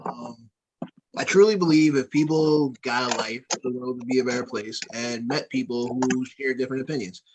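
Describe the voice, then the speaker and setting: A man's voice: mid-range voice, steady tone, normal speed, noisy background. A man hosting a casual podcast chat with friends, rambling and laid-back with many fillers. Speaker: podcast host.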